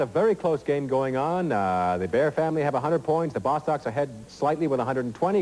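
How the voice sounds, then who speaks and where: A man's voice: a little high, expressive, fairly quick, few pauses, big-room sound, a crowd in the background, background noise. A middle-aged man hosting a TV quiz show, reading questions and chatting in asides full of fillers, in a studio. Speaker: game show host.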